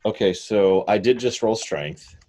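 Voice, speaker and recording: A man playing a tabletop game, talking in a playful, animated way and chuckling often. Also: on the low side, measured pace. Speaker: player.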